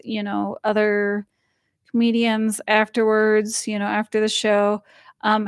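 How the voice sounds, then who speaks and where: Chatting casually with plenty of fillers, this young female livestream host rambles while reading out comments from her viewers. She speaks at a medium pitch with a clean tone, captured at studio quality without any room sound.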